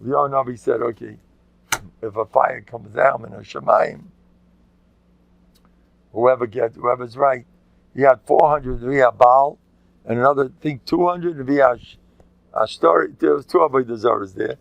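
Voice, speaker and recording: Older rabbi, gravelly joking lecture voice. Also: male voice, mid-range voice, unhurried, pauses often, dry recording, lo-fi sound. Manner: joking, animated, shouts out quotes, mixes Hebrew and Yiddish words. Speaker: rabbi giving a Torah class. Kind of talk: lively Torah lecture.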